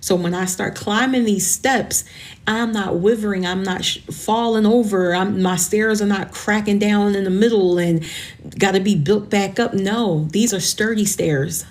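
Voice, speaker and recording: A woman's voice: mid-range voice, unhurried, a little mellow. Earnest, encouraging woman podcast host. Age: 40s. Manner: earnest, encouraging, calls listeners honey. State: tearful, emotional. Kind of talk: motivational podcast monologue.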